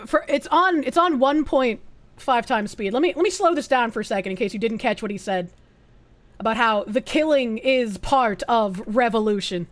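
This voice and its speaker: A woman streamer reacting to clips in casual, earnest commentary, animated and swearing now and then. Her voice sits at a middling pitch. The sound is dry and close, from a home setup. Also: moderate pace, no room sound.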